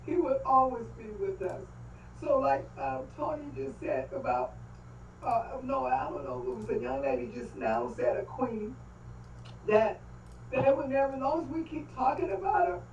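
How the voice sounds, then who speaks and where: An older woman speaking on a video call about her family, halting and faith-filled, often breaking off mid-phrase. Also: high voice, big pitch swings. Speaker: grieving great-grandmother speaking at a livestream. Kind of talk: emotional testimony on a video call. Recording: echoey, distant, dull call audio with faint noise.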